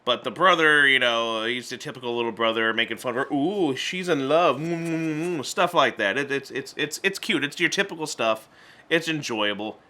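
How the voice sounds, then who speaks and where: A man casually reviewing an animated movie, chatty and stumbling over restarts, acting out character lines in little voices. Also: mid-range voice, a little fast.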